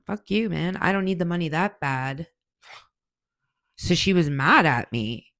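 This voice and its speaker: A woman's voice: lowish voice, very animated, unhurried, a bit bright, no room sound. A woman in her forties, hosting a podcast, answering questions in a blunt, profane, heated storytelling style. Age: 40s. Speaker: podcast host. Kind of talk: casual monologue answering questions.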